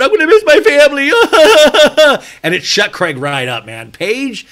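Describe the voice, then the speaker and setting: A man hosting a solo TV recap podcast, joking and irreverent, talking fast and swearing casually. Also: mid-range voice. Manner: fast, animated, breaks into mocking impressions. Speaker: podcast host.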